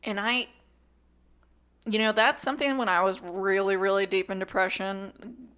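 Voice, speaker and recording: A woman's voice: mid-range voice, steady tone, moderate pace, a bit bright, clean tone. A woman co-hosting a film podcast in casual chat, reflective and peppering her speech with "like". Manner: reflective, frequent "like" fillers.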